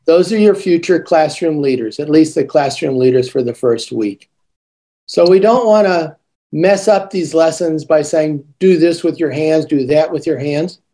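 A man's voice: on the high side, moderate pace, mellow. A man acting as a teaching coach, explaining classroom routines and modeling greetings with sing-song emphasis. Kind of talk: coaching talk.

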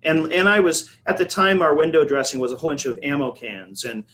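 A man's voice: a little high, lively intonation, fairly quick, a bit bright, low-quality recording. Middle-aged man telling a long story. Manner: rambling anecdotal storyteller, many restarts and fillers. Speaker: coffee shop owner and podcast host. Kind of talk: casual storytelling chat.

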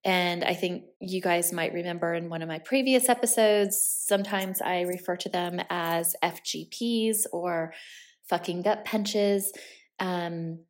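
A woman's voice: lowish voice, unhurried. A woman in her forties hosting a personal podcast, talking candidly and chattily about her own life with the odd filler word. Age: 40s. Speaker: podcast host.

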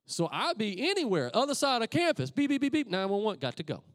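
A middle-aged man, a pastor preaching a sermon as a lively story and acting out the voices of the people in it. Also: sits high, fast, no room sound, clean studio sound. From Texas. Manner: animated, acts out voices of friends and himself.

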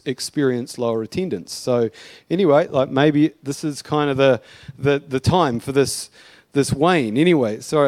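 A man's voice: mid-range voice, a little mellow, dry recording. A male pastor preaching a sermon in a casual, chatty way, with asides and light humour.

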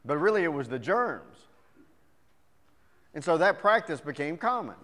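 A man's voice: a little high, moderate pace. Man preaching in a reverberant hall. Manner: animated joke-telling, then quieter teaching. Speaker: pastor. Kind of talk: sermon with scripture reading and jokes.

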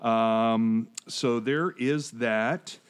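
A man's voice: medium pitch, steady tone, extremely slow, smooth. A man in his forties hosting a podcast, chatting casually and digressing as he reads out award winners. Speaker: podcast host.

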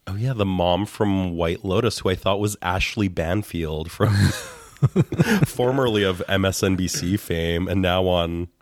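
A man with a very low, raspy voice, sick in bed and full of vocal fry. He co-hosts a casual podcast, joking and laughing as he goes. The sound is close and dry. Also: a little slow, dry recording. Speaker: podcast co-host.

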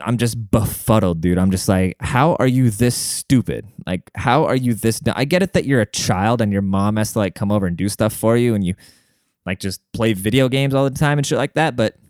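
A young man spins a rambling story for his viewers, swearing freely and addressing them like old friends. His voice sits a little low and comes through smooth and clear. The sound is dry and close, with no room around it. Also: dry recording. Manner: profane, animated, talks like a buddy. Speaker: vlogger. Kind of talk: casual storytelling to camera.

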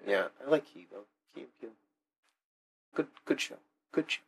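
A man's voice: medium pitch, lively intonation, normal speed, gravelly, slightly rough. A man co-hosting a podcast, chatting casually with short, laid-back reactions. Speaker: podcast co-host. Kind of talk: casual chat.

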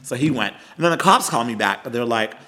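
Dude cohosting, super chatty, keeps saying y'all and girl, bright tone. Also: medium pitch, brisk. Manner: animated, chatty, calls listeners y'all and girl. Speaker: podcast co-host. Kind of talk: casual storytelling chat.

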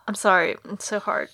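Candid, swearing woman podcast co-host. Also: sharp tone. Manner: emotional and candid, swears freely. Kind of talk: casual chat recapping a series.

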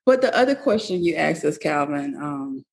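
A woman's voice: deep voice, very animated, moderate pace, vocal fry. A woman in casual conversation, speaking in a matter-of-fact way and clarifying points. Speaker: guest.

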